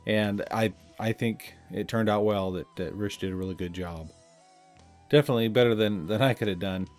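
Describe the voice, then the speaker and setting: Low-voiced reflective male podcast host. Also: moderate pace, a little mellow, soft background music. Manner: reflective, conversational, chuckles at himself. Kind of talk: casual chat.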